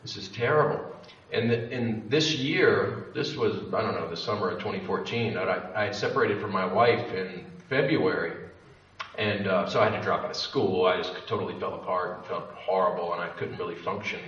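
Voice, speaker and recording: A young man with a fairly low voice tells a candid, rambling story to a live audience, swearing freely and cutting himself off mid-sentence. He sounds far from the mic in a roomy space. The lo-fi recording has faint background noise. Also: normal speed, fairly bright tone. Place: event room with an audience.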